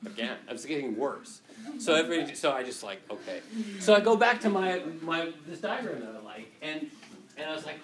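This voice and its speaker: A man's voice: a little high, big pitch swings, brisk, crowd noise. A male teacher lecturing to a class and telling a story against himself, rambling with many restarts and frequent laughs.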